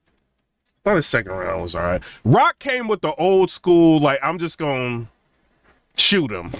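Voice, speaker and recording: Laid-back man rambling with lively pitch. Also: no echo. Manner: laid-back, rambling, drawls "man" and "bro", laughs between points. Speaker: channel host reviewing a rap battle. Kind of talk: casual commentary to viewers.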